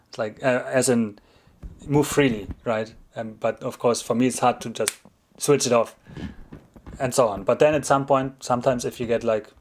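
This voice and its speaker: A man with a German accent, a non-native English speaker, hosting a relaxed livestream and answering viewers' questions, chuckling often and rephrasing as he goes. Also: medium pitch, moderate pace, a little hiss or hum. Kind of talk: casual livestream chat.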